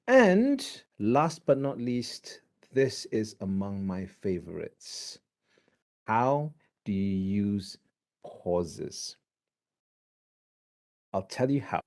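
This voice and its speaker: A man lecturing an online class, animated and often asking his students questions. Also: mid-range voice, a little slow.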